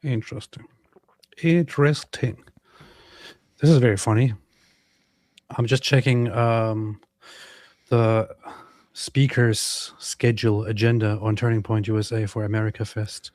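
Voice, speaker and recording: A man hosting a livestream, chatting casually in a deadpan, teasing way. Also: fairly low pitch, unhurried, dry recording. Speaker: co-host.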